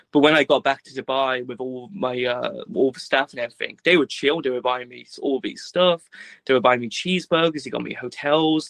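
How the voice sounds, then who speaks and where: Gravelly young British man, laid-back. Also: medium pitch, a bit bright, dry recording, low-quality recording. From Britain. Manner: rambling, laid-back, full of "like" and quoted dialogue. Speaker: guest. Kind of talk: casual storytelling.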